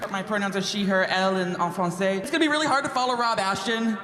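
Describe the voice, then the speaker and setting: A high-pitched male delegate speaks excitedly from a convention floor. He rushes his words. A long hall reverb hangs on every phrase. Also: crowd noise. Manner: rapid, excitable, apologetic. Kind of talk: formal floor speech.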